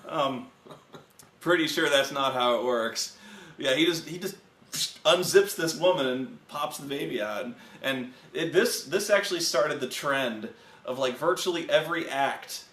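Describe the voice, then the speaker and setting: A man co-hosting a casual film review, rambling and swearing, acting out movie scenes with loud yells. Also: on the high side, measured pace, roomy sound.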